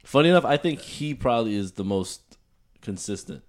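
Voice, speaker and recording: A man's voice: mid-range voice, lively intonation, moderate pace. A man in a casual podcast chat, teasing and asking questions.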